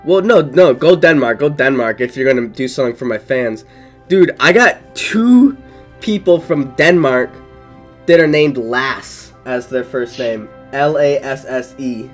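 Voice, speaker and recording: A young man chatting casually as he starts a strategy game with a friend. He jokes around, swears freely and keeps an easy middle pitch. Faint music plays behind him. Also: animated, a little slow. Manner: swears freely, loose and joking. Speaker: gaming channel host. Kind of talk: casual gaming chat.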